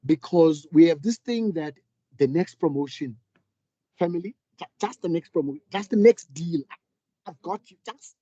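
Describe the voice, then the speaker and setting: This middle-aged man speaks with a fairly high but mellow, warm voice, telling his story in a candid, earnest way. The sound is dry and close, with a slightly dull, muffled quality. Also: expressive, normal speed, slightly rough, no echo. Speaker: panel speaker, business leader. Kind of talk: reflective public talk.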